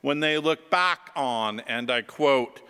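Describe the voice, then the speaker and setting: A man, a pastor, preaching a sermon and telling stories in a slow, reflective way. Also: mid-range voice, sharp tone, smooth, big-room sound. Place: church.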